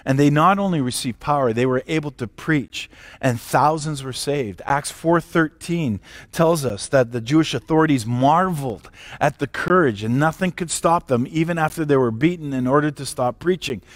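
A man's voice: on the high side, moderate pace, dry recording. Man preaching with emphatic questions, dry sound. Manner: emphatic preaching with rhetorical questions and occasional restarts. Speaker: pastor. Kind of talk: livestreamed sermon. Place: church or home, recorded for a live stream.

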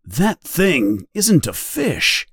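A man's voice: fairly high pitch, wildly swooping pitch, very slow, a bit bright, breathy edge, dry recording, studio quality, pitched above the performer's own voice, exaggerated voice. A man voicing a worried middle-aged police chief who asks anxious questions. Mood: uneasy.

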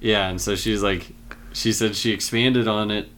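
A man with a fairly low voice talks through a movie's scenes in a relaxed, rambling way. He leans on fillers as he retells each moment. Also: normal speed, over a noisy crowd. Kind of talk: casual film discussion.

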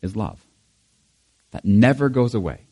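A male pastor giving a conversational sermon, animated and chatty, acting out quotes with small laughs. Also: on the low side, unhurried, husky.

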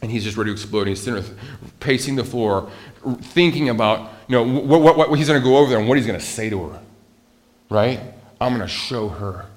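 A man's voice: medium pitch, quick pace. A male pastor preaching a sermon in an earnest, emphatic way, often restarting his sentences.

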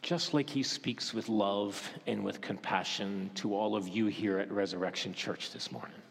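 A male pastor preaching a sermon, asking the congregation questions and dropping to a hush for tender moments. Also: lowish voice, vocal fry. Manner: questioning, dramatic pauses, softens to a hush for gentle moments. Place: church. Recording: reverberant church hall.

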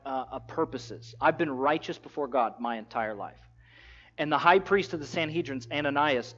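Animated storytelling preacher, slightly high voice. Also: male voice. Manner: animated storytelling, acts out quotes in casual voices. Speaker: pastor. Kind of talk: sermon. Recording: dull lo-fi sound.

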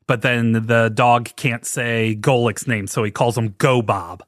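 A man's voice: medium pitch, fairly even intonation, a little slow, dry recording, clean studio sound. A man co-hosting a casual podcast, laughing often as he recounts scenes. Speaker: podcast co-host. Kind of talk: casual chat.

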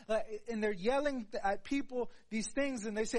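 A man preaching a sermon in an earnest voice, dropping to a hush and then rising to louder, emphatic lines. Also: sits high, animated, normal speed, few pauses. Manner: earnest, swings between soft hushed passages and louder emphatic ones.

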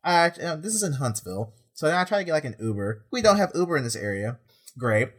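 Young man, rambling deadpan storyteller, fed up with his day. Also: a little high, fast talker. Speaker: prison officer. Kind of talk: casual storytelling chat.

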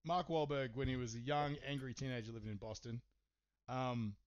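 Male podcast host, casual chat, profane, rambling, mid pitch, slightly muffled sound. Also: fairly even intonation, a little fast, clear, resonant tone. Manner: profane, rambling storytelling with many fillers.

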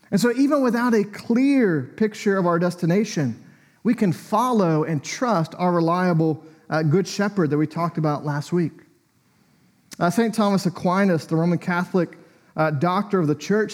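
Higher-voiced man preaching a sermon. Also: a little mellow. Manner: conversational, reflective, with asides and fillers. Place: church.

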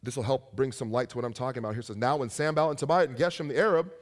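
A young adult man preaching a sermon as a pastor, telling stories with animated asides. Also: medium pitch, racing.

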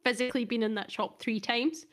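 Chatty woman, fairly high voice. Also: a little fast. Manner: chatty storyteller, laughing often. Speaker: podcast co-host. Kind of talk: casual chat.

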